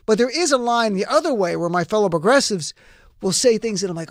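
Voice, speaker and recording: A man hosting a talk show, asking quick probing questions and cutting in with jokes. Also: high-pitched, animated, no echo, studio quality. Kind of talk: casual panel chat.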